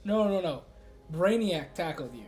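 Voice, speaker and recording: A man's voice: high voice, expressive, unhurried, a little mellow, soft background music. A man narrating as game master in a casual, easygoing way.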